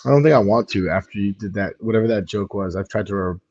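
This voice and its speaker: A man's voice: fairly low pitch, fast talker, darkish tone, dull audio, a little hiss or hum. A man on a casual sports podcast, making blunt, crude, dry remarks. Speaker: podcast co-host.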